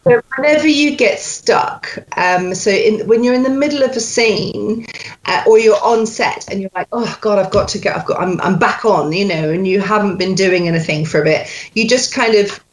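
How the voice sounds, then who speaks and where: Woman actor explaining technique, roomy sound. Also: mid-range voice. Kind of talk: explaining an acting technique in an interview. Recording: roomy echo.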